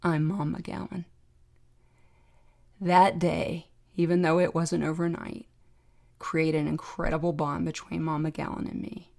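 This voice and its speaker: A middle-aged woman hosting a podcast, telling a personal story in a reflective, emotional way with pauses. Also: deep voice, flat delivery, gravelly, a little mellow. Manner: reflective, emotional, pausing to remember. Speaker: podcast host, trauma doctor.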